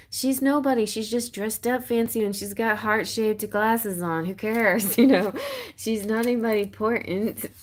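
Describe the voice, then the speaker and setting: A woman giving a live-stream tarot reading in a chatty, encouraging way, laughing often. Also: mid-range voice. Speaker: tarot reader.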